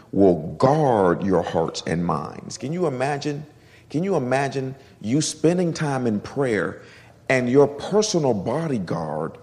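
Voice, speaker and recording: Male pastor, lowish voice, deliberate scripture reader, long hall reverb. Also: darkish tone. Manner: reads scripture slowly, stresses key words. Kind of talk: sermon teaching.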